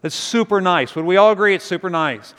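A man preaching a sermon, telling a story in a conversational, animated way and then dropping to quiet intensity. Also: sits high, fairly quick, clean tone, in a large hall. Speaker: pastor.

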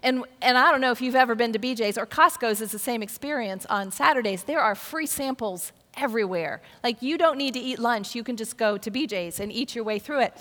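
High-voiced older woman preaching. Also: a little fast, hardly any pauses, a bit bright. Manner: storytelling, repeats words when restarting. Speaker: pastor. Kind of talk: sermon with personal story. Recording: long reverb of a hall.

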